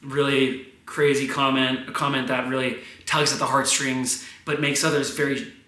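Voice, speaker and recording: A man in his twenties rambling through a profane, animated vlog monologue. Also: medium pitch, normal speed. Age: 20s. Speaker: vlogger. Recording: roomy, echoey room.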